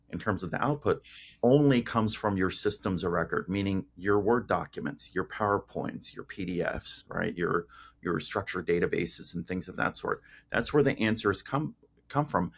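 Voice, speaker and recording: A man, a tech company founder, speaking as a podcast guest and explaining ideas through homely analogies with frequent restarts. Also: fairly low pitch. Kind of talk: casual interview chat.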